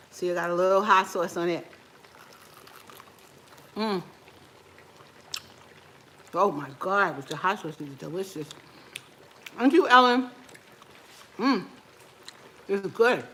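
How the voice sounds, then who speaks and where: A cooking vlogger with a mid-range, slightly bright voice chats casually to her viewers in her home kitchen as she tastes food, talking through mouthfuls and laughing often. There is slight background noise.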